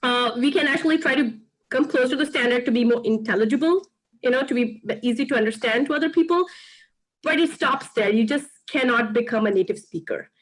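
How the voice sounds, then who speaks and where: A woman's voice: fairly high pitch, a little fast, poor audio. A woman from India with an Indian accent and Urdu as her first language, a former English lecturer speaking frankly in a casual chat. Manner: articulate and frank, quotes others. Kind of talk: casual video-call chat.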